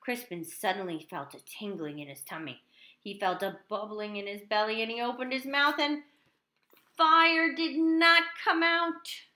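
A woman reading a children's picture book aloud in an animated, expressive way. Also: medium pitch, normal speed. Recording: echoey room.

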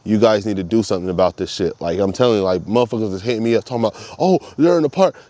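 A man's voice: on the low side, steady tone, very fast, warm tone, no room sound. A man talking straight to camera in a casual monologue, swearing a lot and repeating himself for emphasis. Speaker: vlogger.

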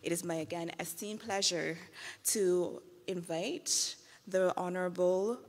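A woman's voice: fairly low pitch, measured pace, big-room sound. A woman acting as master of ceremonies, formally and graciously inviting the next speaker. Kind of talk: formal introduction.

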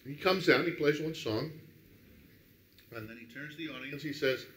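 Man, middle-aged radio DJ, lively dinner storyteller, bright voice, roomy echo. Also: fairly high pitch, normal speed. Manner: animated anecdote teller, acts out quotes. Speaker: radio DJ guest. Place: restaurant dining room. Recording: echoey room.

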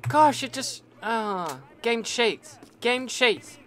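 A man with a very high, bright voice gives let's-play commentary, swinging widely in pitch as he rants and swears at the game. He speaks at an unhurried pace, with faint gunfire from the game behind him. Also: a little hiss or hum. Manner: excitable and ranting, swearing at the game. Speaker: gaming channel host.

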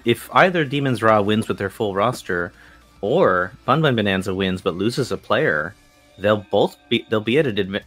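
A man's voice: lowish voice, fairly bright tone. A man giving chatty, analytical color commentary on a live esports tournament. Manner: analytical, chatty, with laughs and restarts. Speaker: esports co-caster.

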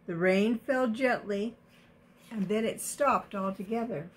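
A woman reading a picture book aloud to children, gently stopping to explain words and ask questions. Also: medium pitch, a little slow. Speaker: storybook reader.

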